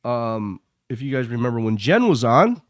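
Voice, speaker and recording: Halting man on a podcast, dry sound. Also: mid-range voice, big pitch swings, no room sound, dull audio. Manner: halting, with frequent ums and uhs. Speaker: podcast co-host. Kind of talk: casual chat.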